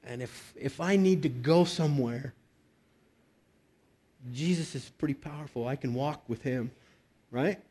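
A man's voice: medium pitch, a little slow, pauses often, mellow, husky. A man preaching a conversational sermon, reading scripture and breaking into emphatic bursts. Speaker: pastor.

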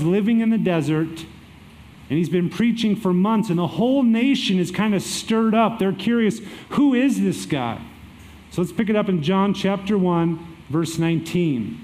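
A high-pitched man preaches a sermon, walking through scripture. His delivery is energetic, with emphatic drops and lifts. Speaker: pastor.

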